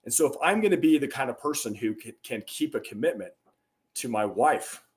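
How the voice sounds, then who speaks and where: A man's voice: mid-range voice, lively intonation, a little fast, darkish tone. A middle-aged man, a podcast guest, telling stories in an earnest, emphatic way, with bursts of rising energy. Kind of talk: conversational interview storytelling.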